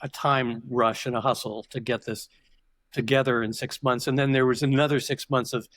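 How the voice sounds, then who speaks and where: An older man, a guest on a podcast, tells stories in a reflective, digressive way, often restarting his sentences in this conversational interview. His voice sits at a medium pitch with fairly even intonation and normal speed. It sounds a bit bright, with no echo.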